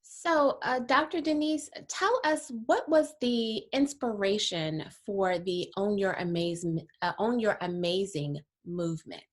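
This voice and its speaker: A woman hosts an interview in a middle-pitched, ordinary voice. She asks her guest open questions and backs her up with brief encouraging replies. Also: a little slow, few pauses. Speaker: interview host. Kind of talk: hosted interview.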